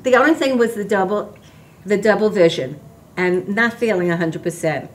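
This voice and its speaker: A woman's voice: mid-range voice, normal speed. Older woman telling a story on a talk show. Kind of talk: casual chat.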